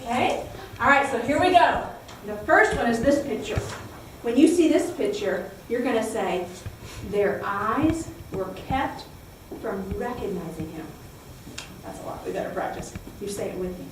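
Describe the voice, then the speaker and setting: Animated woman teaching a children's Bible story. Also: a little high, brisk, noisy background. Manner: animated, exclaiming, coaxing children to repeat lines. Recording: echoey room, heard from far off.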